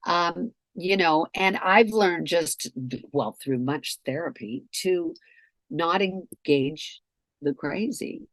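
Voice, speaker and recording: A woman's voice: fairly low pitch, slow pace, a bit bright, dry recording, poor audio. Frank, reflective woman co-host, dry close recording, casual delivery. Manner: reflective, frank, occasional swearing. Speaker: podcast co-host. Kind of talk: casual chat.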